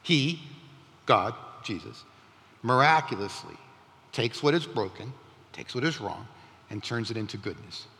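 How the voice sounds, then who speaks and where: A man preaching a sermon in a conversational, animated way, with rising emphatic questions. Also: medium pitch, unhurried, long pauses, in a large hall. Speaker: pastor.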